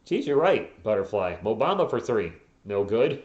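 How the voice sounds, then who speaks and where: Hoarse man calling live fan play-by-play. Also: fairly low pitch, very animated, darkish tone, reverberant, dull audio. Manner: quick play calls mixed with joking asides and chat replies. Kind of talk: casual live play-by-play commentary.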